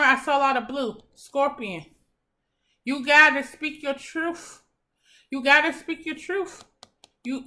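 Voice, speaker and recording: A woman's voice: sits high, bright, forceful tone. A young woman giving a tarot reading in a casual, blunt and encouraging way, swearing freely. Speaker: tarot reader.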